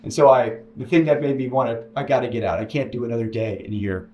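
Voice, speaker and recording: A man telling his own story about working as an employee, rambling and self-deprecating, quoting other people in animated voices. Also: mid-range voice, fast, lo-fi sound. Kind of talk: personal storytelling in a video.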